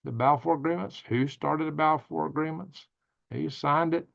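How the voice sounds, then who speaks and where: A man's voice: fairly high pitch, moderate pace, creaky, fairly bright tone, highs cut off. A man hosting a casual livestream, reading viewer comments aloud and answering them in a rambling, thinking-aloud way. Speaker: livestream news host.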